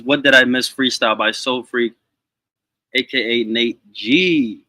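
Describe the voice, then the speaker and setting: A man runs a live music review stream, talking straight to his chat in a loose, relaxed way. His voice is bright and forward. The sound is dry and close, with no room echo. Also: medium pitch, a little slow. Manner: relaxed, addresses chat directly. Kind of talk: casual livestream talk.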